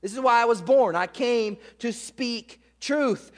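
A man's voice: very high-pitched, unhurried, few pauses. A man preaching a sermon as pastor, fired up and emphatic, hammering repeated phrases. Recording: long hall reverb.

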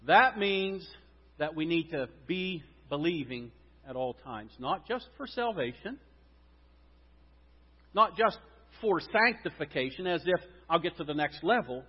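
A man preaching a sermon as pastor, emphatic, swinging from loud stressed words to quiet drops. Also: on the high side, lively intonation, unhurried, slightly rough. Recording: dull sound with long reverb in a hall.

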